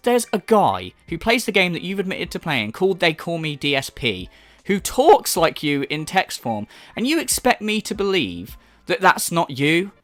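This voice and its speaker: A man's voice: on the high side, normal speed, no echo, soft background music. A man giving a ranting commentary, swearing and mocking as he talks. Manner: profane, mocking, animated. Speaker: commentary YouTuber.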